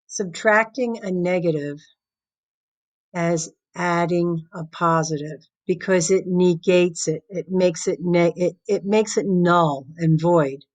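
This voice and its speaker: A woman math teacher explaining a lesson step by step, patiently counting out loud and using playful everyday examples. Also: fairly low pitch, low-quality recording.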